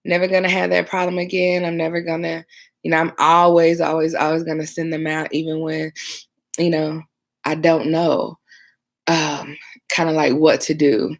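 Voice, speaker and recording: A woman's voice: low-pitched, level tone, normal speed. A tired woman, a dispatcher chatting casually on a storytime livestream, rambling with lots of fillers. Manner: rambling, many fillers, reads viewer comments aloud. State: tired and sleepy. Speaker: 911 dispatcher and video host.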